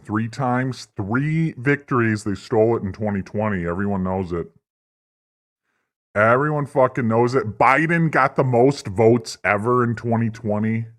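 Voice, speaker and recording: A man's voice: mid-range voice, measured pace. A man hosting a livestream, delivering a profane, rambling, mock-earnest political rant. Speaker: livestream host. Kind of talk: satirical political stream rant.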